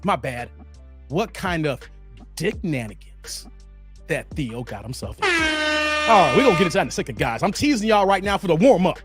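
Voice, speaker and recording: A high-voiced man of around 40 hosts a casual livestream, reading viewer comments. He's animated and slangy, laughing often and chatting with the chat.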